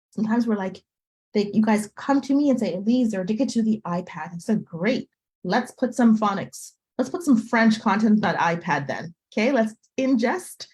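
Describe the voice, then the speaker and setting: A woman with a somewhat high voice leads a live online lesson for parents. She sounds out letters slowly and repeats them, checking in often with "okay?" and "right?". The sound comes through a video call. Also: darkish tone. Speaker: French tutor.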